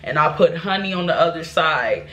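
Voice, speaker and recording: A woman's voice: deep voice, expressive, moderate pace, pushed and bright, muffled recording. A woman vlogger telling a personal life story to her viewers, candid and rambling, with restarts and asides. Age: adult.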